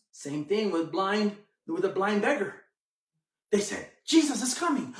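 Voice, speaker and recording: A man's voice: high voice, sing-song, a little slow, distant mic. A man preaching a sermon, telling the story dramatically and acting out the characters. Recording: echoey room, mic from afar.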